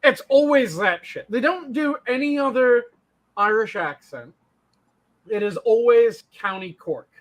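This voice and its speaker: High-voiced man, emphatic and profane. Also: lively intonation, measured pace. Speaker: podcast co-host and stage actor. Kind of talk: casual online chat.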